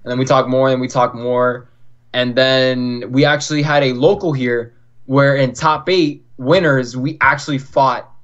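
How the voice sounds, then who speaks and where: A man's voice: mid-range voice, steady tone, measured pace, fairly bright tone. A young man from Florida, a podcast guest, telling stories in a chatty way, full of "like" and acted-out quotes. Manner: chatty, fills talk with "like", acts out quoted dialogue. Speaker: podcast guest, competitive fighting game player. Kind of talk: casual storytelling. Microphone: online call. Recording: dull lo-fi call audio.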